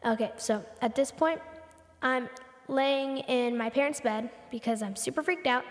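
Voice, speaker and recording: A woman's voice: a little high, a little slow, in a large hall. A teenage girl hosting a podcast, telling a story casually, with lots of "like" and repeated words. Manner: breathless retelling full of "like" and repeats. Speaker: podcast host.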